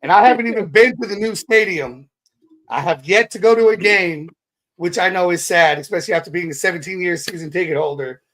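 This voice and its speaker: A man's voice: high-pitched, a little fast, fairly bright tone. A man co-hosting a casual sports talk show, speaking about old times in a reminiscing way. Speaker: podcast co-host. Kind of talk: casual chat.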